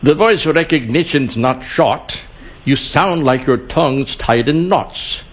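A man reading comic verses in a slow, unhurried way, his voice husky and a little breathy. The sound is slightly muffled, as on a radio broadcast. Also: on the high side. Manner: slow, measured delivery of rhymes. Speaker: announcer and scorekeeper.

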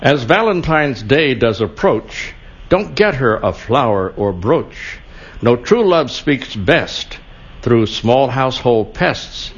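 A man reading comic verses in a slow, unhurried way, his voice husky and a little breathy. The sound is slightly muffled, as on a radio broadcast. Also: mid-range voice, sing-song. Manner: slow, measured delivery of rhymes. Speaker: announcer and scorekeeper.

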